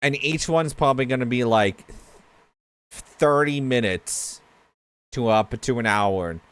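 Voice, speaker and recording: A man hosting a casual reaction to game trailers, excitable, laughing often and swearing freely. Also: mid-range voice, slow pace, clear, resonant tone, no echo. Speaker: gaming reaction host.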